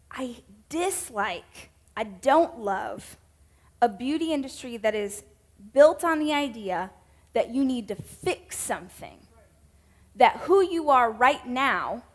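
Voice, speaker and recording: A woman's voice: fairly high pitch, lively intonation, slow pace, pauses often. A woman in her thirties with a Southern American accent, giving a chatty, self-mocking sermon talk to a women's church group. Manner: chatty, self-mocking, with laughs and playful asides.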